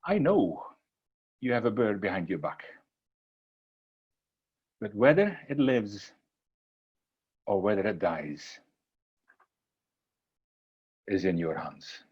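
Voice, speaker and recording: A man voicing a calm wise old village man, speaking slowly and softly in a lowered voice. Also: slightly rough, muffled recording, exaggerated voice. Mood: calm, knowing. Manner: slow, soft, measured.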